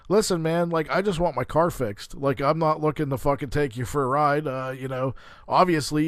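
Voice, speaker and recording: A man's voice: a little high, no room sound. A man hosting a podcast, telling a rambling, profane story in a heated, casual way. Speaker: podcast host.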